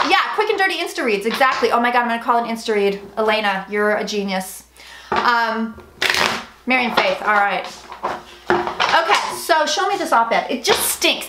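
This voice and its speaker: A young woman hosting a casual tarot livestream, chatty and frank, swearing and reading viewer comments aloud. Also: fairly high pitch. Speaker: psychic livestream host. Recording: echoey room, faint noise.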